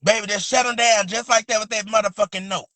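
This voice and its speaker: A man's voice: sits high, fairly even intonation, fast, bright, forceful tone, no echo. A man hosting a casual livestream from outdoors by a house, talking loosely to viewers, calling them baby and boo, and drawing out a sing-song catchphrase. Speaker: livestream host.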